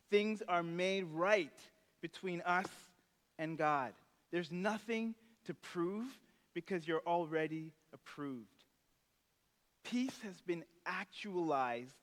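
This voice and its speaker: A male pastor delivering a relaxed, conversational sermon in a church sanctuary. His voice sits high, and the reverb of the large hall rings long after each phrase. He slips into short character voices while retelling a story.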